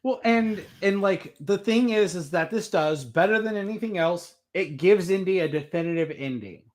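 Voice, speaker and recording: A man co-hosting a casual stream, making calm, measured remarks. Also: high voice. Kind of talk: casual chat.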